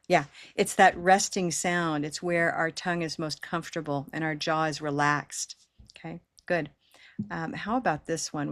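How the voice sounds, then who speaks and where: Woman, pronunciation teacher on a video call; patient, encouraging, lowish pitch, dry sound. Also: a bit bright, dry recording. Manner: patient, encouraging, models long held vowels. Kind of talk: online class teaching.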